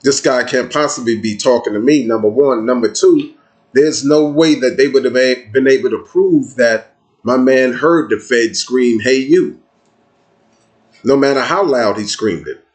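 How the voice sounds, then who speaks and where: A man's voice: mid-range voice, moderate pace. A man with a casual, streetwise manner, telling a personal story in an emphatic, conversational monologue.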